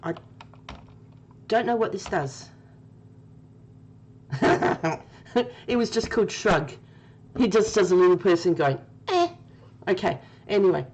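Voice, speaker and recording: A woman's voice: mid-range voice, very animated, slow, long pauses, a little mellow, a little hiss or hum, poor audio. A woman streaming a game live, chatting with her viewers by name and laughing often. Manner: giggly, laughing often and talking to chat by name.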